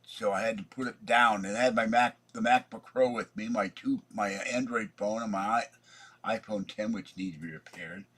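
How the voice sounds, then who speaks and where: A man's voice: fairly low pitch, husky. A man rambling through a casual vlog, chatty and meandering, talking to himself as he works at his computer. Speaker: vlogger.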